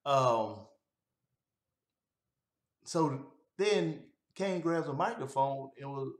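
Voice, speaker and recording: A man's voice: mid-range voice, expressive, extremely slow. A man giving a casual, rambling recap of a wrestling show, with easygoing delivery and frequent fillers. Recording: roomy echo.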